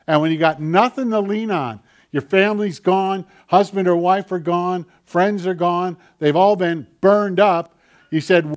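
A man preaching a sermon as pastor, shifting between quiet, heavy emphasis and louder urgent passages, with rhetorical questions to the listeners. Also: sits high, unhurried.

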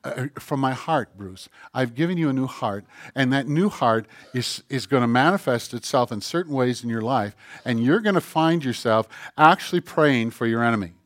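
A man voicing God, speaking calmly and patiently to a believer in a sermon. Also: medium pitch, moderate pace, hardly any pauses, no echo, natural voice.

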